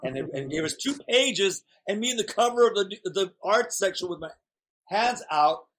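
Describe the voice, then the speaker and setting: Husky rambling male storyteller. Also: high voice, expressive, moderate pace, fairly bright tone. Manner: rambling storyteller, playful and candid. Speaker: guest performer. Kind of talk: casual chat.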